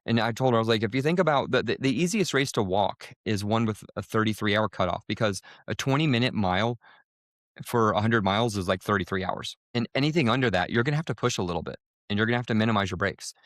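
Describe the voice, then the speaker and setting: A man co-hosting a podcast, telling a race story casually, with lively jumps in pitch when he quotes people. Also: fast, no echo, studio quality. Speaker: podcast co-host.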